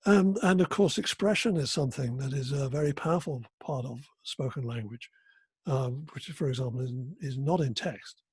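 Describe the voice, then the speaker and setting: An older man giving an academic conference keynote, talking haltingly with many fillers and restarts. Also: mid-range voice, a little mellow, breathy edge, no echo. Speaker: keynote speaker.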